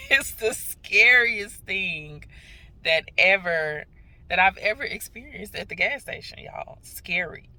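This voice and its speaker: Young woman vlogger, chatty and dramatic, with a gravelly edge and a bright, forceful tone. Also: lowish voice. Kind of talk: casual vlog chat.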